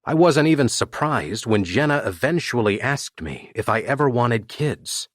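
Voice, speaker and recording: A man reads a romance audiobook in the first person, relaxed and conversational. His husky voice moves lively up and down. The sound is dry and close to the mic. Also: mid-range voice, normal speed, dry recording. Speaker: audiobook narrator.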